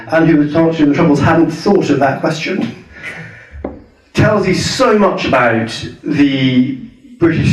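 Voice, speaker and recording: Scottish-born guy chatting through a rally talk, far from the mic, big echoey room. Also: fairly high pitch. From Scotland. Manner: thoughtful, conversational, many restarts and "you know"s. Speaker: guest speaker. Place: hall at a public event.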